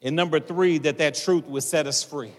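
Preacher guy, a bit high, says "man" a lot, big hall echo. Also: steady tone, normal speed. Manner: casual, repeats "man" and "all right". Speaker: pastor. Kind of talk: sermon. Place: large church hall. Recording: long hall reverb.

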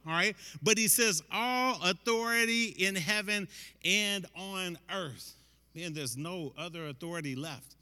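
A man's voice: high-pitched, pushed and bright, big-room sound. A man preaching a sermon in a conversational, emphatic way, often tossing in "man" as he drives a point home.

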